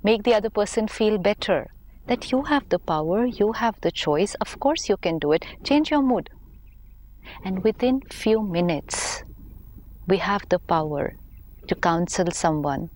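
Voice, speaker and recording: A woman on a talk show, calmly explaining spiritual ideas with everyday examples. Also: mid-range voice, unhurried. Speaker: spiritual teacher.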